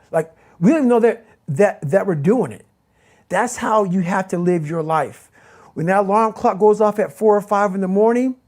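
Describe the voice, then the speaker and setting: A man gives a motivational interview as the guest, speaking intensely and emphatically and repeating his key phrases. His voice is high and a little mellow.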